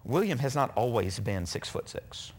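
A man's voice: medium pitch, normal speed, a little hiss or hum. A middle-aged man preaching a sermon, telling personal stories in an earnest way and acting out what people said. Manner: earnest, animated storyteller who acts out quotes.

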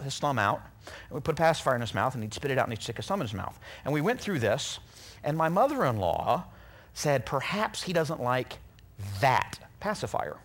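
A middle-aged man preaching a sermon, telling personal stories in an earnest way and acting out what people said. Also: on the high side. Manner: earnest, animated storyteller who acts out quotes.

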